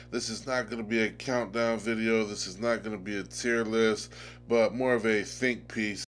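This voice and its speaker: A man's voice: medium pitch, a little hiss or hum. A man in his thirties hosting a video essay, talking in an emphatic, conversational way with some fillers. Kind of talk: opinionated commentary monologue.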